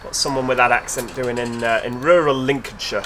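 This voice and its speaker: A man's voice: mid-range voice, steady tone, a little fast, a bit bright, slight background noise. A man giving casual, chatty commentary over gameplay, with joking asides to his viewers. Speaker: video game commentator.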